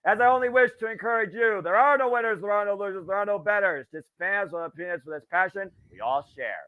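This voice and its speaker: A man's voice: sits high, quick pace, clean tone, no room sound, phone-quality sound. A man co-hosting a wrestling show, giving a grandiose, theatrical sign-off speech. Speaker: wrestling commentator co-host. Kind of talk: casual chat.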